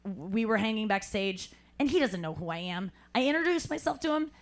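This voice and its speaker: A woman hosting a live podcast, telling an animated story and acting out other people's lines, laughing often. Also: mid-range voice, a little fast. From St. Louis. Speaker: podcast host. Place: live show at a cafe.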